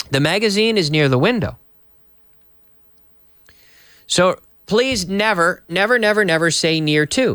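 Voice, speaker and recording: A man on a TV English course works through example sentences one by one, repeating them and slipping into Spanish to explain. His voice sits a little high and jumps around a lot in pitch. The sound is close and dry. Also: fairly bright tone, no room sound. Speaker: English teacher. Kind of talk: classroom lesson on TV. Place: TV studio.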